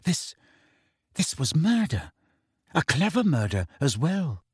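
A man's voice: fairly high pitch, big pitch swings, takes it slowly, breathy edge, dry recording, clean studio sound, heavily acted. A man voicing an earnest teenage witch. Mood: shaken. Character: clever anxious teenage schoolgirl witch.

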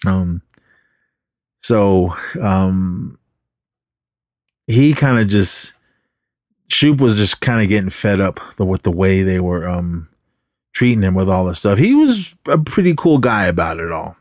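A man's voice: low-pitched, lively intonation, a little slow, pauses often, darkish tone, no echo, studio quality. A man hosting a podcast, casually recapping a movie in a rambling way and acting out the characters' lines. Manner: rambling retelling with acted quotes. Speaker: podcast host.

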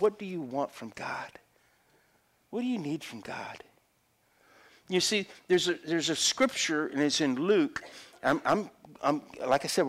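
A man's voice: a little high, fairly bright tone. A middle-aged man preaching a sermon as a pastor, acting out the voices of people in the Bible story.

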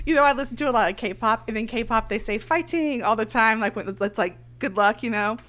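A woman's voice: a little high, brisk, fairly bright tone. A woman co-hosting a podcast, casually recapping a movie with snark, frequent laughter and quoted voices. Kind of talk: casual chat.

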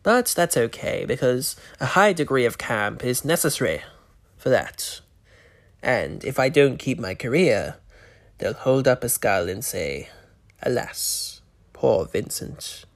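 A man voicing Vincent, a morbid, pun-loving male vampire who hosts a horror show, in a campy, macabre monologue. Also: mid-range voice.

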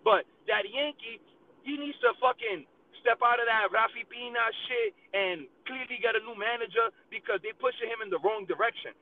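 Heated high-voiced man on tinny audio. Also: fairly quick, slight background noise. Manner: profane, heated and emphatic; mixes in Spanish phrases. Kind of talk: casual opinion rant.

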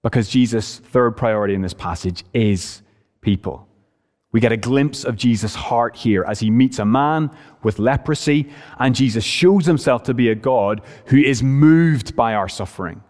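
A man preaching a sermon in an earnest, emphatic way, speeding up and slowing down to stress his points. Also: mid-range voice, a little mellow. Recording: preached in a reverberant hall.

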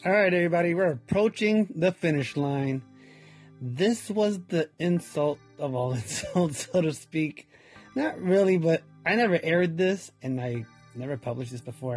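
A man's voice: fairly high pitch, moderate pace, darkish tone, breathy edge, soft background music. A man hosting a podcast, talking in a rambling, casual way with chuckling asides. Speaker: podcast host.

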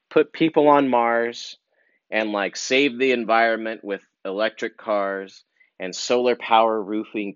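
A male comedian rambles through a monologue, full of fillers and sudden animated asides. His voice sits on the low side. The sound is dry and slightly dull, like a lo-fi recording. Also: dry recording.

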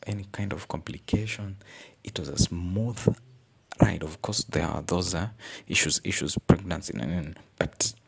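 As a podcast host, a young adult man tells a personal story in an earnest, reflective way, searching for words. His voice is low, creaky, and slightly rough.

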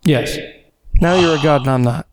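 A man's voice: on the high side, moderate pace. A man hosting a podcast in casual joking chat, goofy, bossy and mock-grandiose. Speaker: podcast host. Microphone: dynamic mic.

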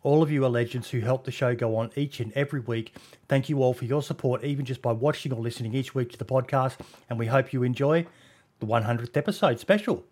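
Sweary Australian podcast host. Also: male voice, mid-range voice, quick pace, darkish tone. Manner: blunt and sweary, with frequent ums and uhs. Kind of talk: casual podcast chat.

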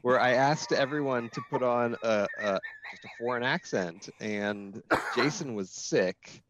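A man's voice: mid-range voice, measured pace, fairly bright tone, slight background noise. A man guesting on a podcast in casual chat, rambling with restarts and casual swearing. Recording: dull lo-fi audio.

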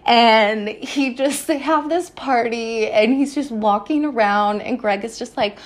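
A woman's voice: a little high, measured pace, few pauses. A woman hosting a podcast, recapping a TV show in a rambling, casual way, swearing a lot and laughing often. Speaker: podcast host.

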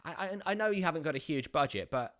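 A man, an actor, telling a casual anecdote with many restarts and animated bursts. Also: fairly high pitch, fast talker, noisy background. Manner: rambling with many restarts, rising to animated outbursts.

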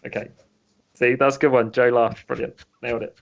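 A man's voice: medium pitch, little pitch movement, a little fast, creaky, lo-fi sound. A man co-hosting a podcast, chatting casually and poking fun at himself while telling dad jokes. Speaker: podcast co-host.

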